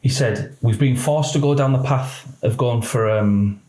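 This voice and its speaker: A middle-aged man tells his story in an animated way, taking on the voices of the people he quotes. His voice sits at an average pitch. The room around him is roomy and echoey. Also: measured pace. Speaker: police officer guest. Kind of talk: candid podcast interview.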